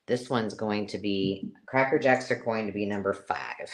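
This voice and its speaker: A woman hosting a live-stream craft sale, chatty and excitable, counting items aloud as she shows them. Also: a bass voice, moderate pace. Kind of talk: casual live-stream selling chat.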